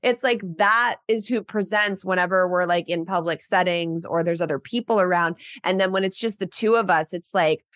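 Animated storytelling woman, dry mic. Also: on the low side, normal speed, hardly any pauses, no echo. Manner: animated storyteller, frequent "like" fillers. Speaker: podcast host. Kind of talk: casual chat.

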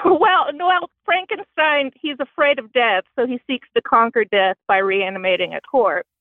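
A woman's voice: fairly high pitch, a little slow, no room sound. A woman from Indiana with a Southern-sounding accent, calling in to a podcast and talking wryly about herself. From Bloomington, Indiana. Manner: wry, self-deprecating. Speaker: caller. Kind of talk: phone-in conversation. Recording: tinny phone line.

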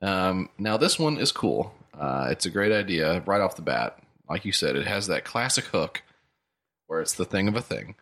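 Deep-voiced man riffing crude jokes. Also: very animated, moderate pace, fairly bright tone. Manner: crude, joking riffs. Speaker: podcast co-host. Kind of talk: casual comedic chat.

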